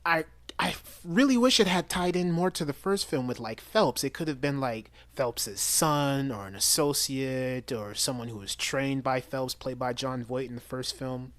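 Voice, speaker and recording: A man's voice: mid-range voice, normal speed, a bit bright, no echo. A man giving a casual, enthusiastic spoken movie review, chatty and full of restarts. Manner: chatty, enthusiastic, with frequent restarts and quoted lines.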